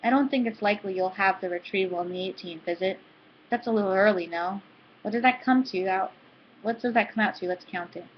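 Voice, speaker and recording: A practical, busy husband who keeps reassuring his wife , read by a woman in her own voice. He talks briskly at a middle pitch. The recording is a little dull and lo-fi with a faint hiss. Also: natural voice.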